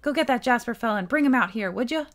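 A woman's voice: fairly high pitch, animated, quick pace, lightly acted. A woman doing a folksy scolding dad.

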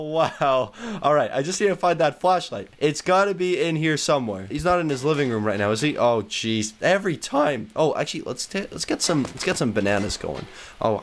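Young male let's-play host, excitable and squealy, highly animated delivery. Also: a little hiss or hum. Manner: excitable, squeals and jumps high when startled or happy. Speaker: gaming YouTuber.

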